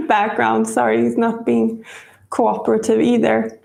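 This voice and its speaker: A chatty woman hosts a live baking stream from a home kitchen, rambling and chuckling as she goes. Her voice sits a little high with a gravelly edge. The sound bounces around a roomy kitchen. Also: unhurried. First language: Swedish. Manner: chatty, rambling, laughs often. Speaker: cooking show host.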